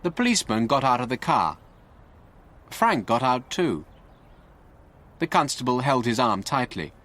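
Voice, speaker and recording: A man narrating a graded story for English learners in a clear, deliberate way. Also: mid-range voice, big pitch swings, a bit bright. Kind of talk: slow scripted story narration.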